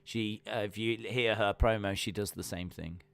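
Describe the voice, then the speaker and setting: A man's voice: on the low side, steady tone, normal speed, creaky, no echo. A man hosting a live wrestling reaction stream, chatting casually with lots of fillers and reading viewer comments aloud.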